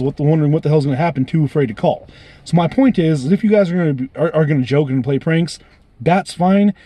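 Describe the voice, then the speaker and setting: A man's voice: a little high, mellow. A man telling a story as an angry, profane rant, heated and repetitive as he vents to his viewers. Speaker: vlogger.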